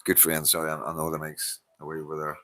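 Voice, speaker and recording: A man's voice: very deep voice, monotone, very fast, bright, forceful tone. A tired Northern Irish man hosting a casual live stream, greeting viewers by name, laughing often and swearing freely. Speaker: livestream host reading viewer comments.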